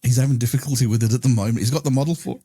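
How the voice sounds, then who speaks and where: A man's voice: mid-range voice, rapid-fire, mellow, breathy edge, dry recording, studio quality. A man hosting a podcast, chatting casually and laughing easily. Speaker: podcast host. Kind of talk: casual chat.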